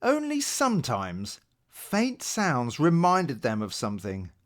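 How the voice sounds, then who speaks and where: A man reading a children's picture book aloud at bedtime. He narrates at an unhurried pace, and his pitch rises and falls expressively. He tells the story gently. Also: huge pitch swings.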